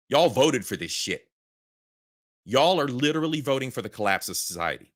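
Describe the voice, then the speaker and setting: A man's voice: mid-range voice, very animated, normal speed, a bit bright, no room sound, studio quality. A man hosting a reaction video, ranting angrily with heavy profanity. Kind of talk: angry ranting commentary.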